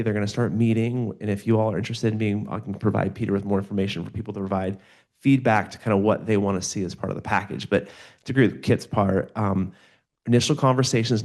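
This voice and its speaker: Man, council member, low voice, informal, hedging, meeting update. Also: gravelly, darkish tone.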